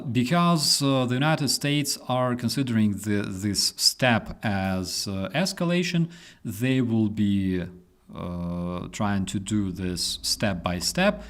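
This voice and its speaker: A man's voice: fairly low pitch, a bit bright. A man hosting a live news commentary, ranting and swearing, with many fillers. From Ukraine. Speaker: host.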